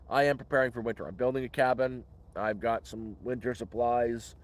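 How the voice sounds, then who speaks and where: A man's voice: mid-range voice, steady tone, fairly quick. Guy chatting on a livestream out in the woods, rambly, keeps tripping over his words. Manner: rambling, repeats words and restarts often. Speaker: livestream host. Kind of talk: casual live Q&A chat. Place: outdoors in the woods.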